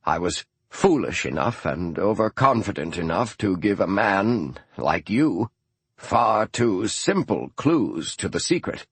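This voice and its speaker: A man narrating an audiobook, voicing an older male scholar who speaks softly and sounds strained and guarded. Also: low-pitched, big pitch swings, unhurried, slightly rough, no echo, pitched above the performer's own voice, heavily acted. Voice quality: soft-spoken, tense.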